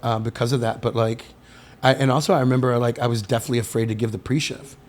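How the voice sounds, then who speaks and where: A middle-aged man, a guest on a podcast, telling stories in a casual, animated way, acting out the voices of people he quotes and swearing now and then. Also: medium pitch, fast talker. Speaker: podcast guest, sommelier and winemaker. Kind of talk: casual storytelling interview.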